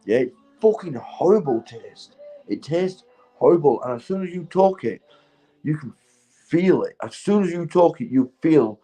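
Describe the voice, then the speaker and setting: A man's voice: fairly high pitch, animated, moderate pace, dark tone, breathy edge, faint music behind, poor audio. A man, stoned, rambling in a casual vlog monologue, swearing heavily and laughing often. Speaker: vlogger.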